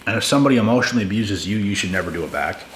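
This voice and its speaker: A man's voice: fairly low pitch, racing, fairly bright tone, reverberant, a little hiss or hum. A man giving blunt, emphatic relationship advice in a casual monologue to his viewers. He repeats words for stress and calls listeners "bro".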